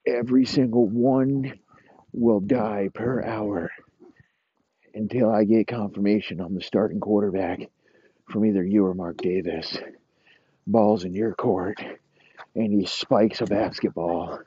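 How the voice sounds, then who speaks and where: A man voicing an unhinged male quarterback delivering slow, deadpan threats. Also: fairly low pitch, breathy edge, dry recording, dull audio. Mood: menacing.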